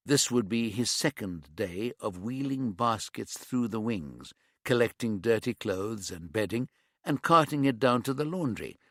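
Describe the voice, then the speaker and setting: A man reading a crime thriller as an audiobook narrator, in measured, even storytelling. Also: fairly low pitch, dry recording, clean studio sound. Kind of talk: scripted narration.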